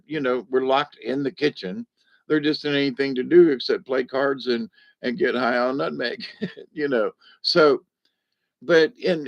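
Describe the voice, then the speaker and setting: Man, gravelly, folksy rambling storyteller on a dull lo-fi recording. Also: medium pitch. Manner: folksy, rambling, chuckles often. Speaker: vlogger. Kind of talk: casual storytelling monologue.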